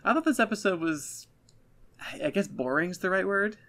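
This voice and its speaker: Blunt man with a gravelly bright voice. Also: high-pitched, animated, normal speed. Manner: blunt, self-deprecating critique. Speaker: podcast co-host. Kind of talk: casual review chat.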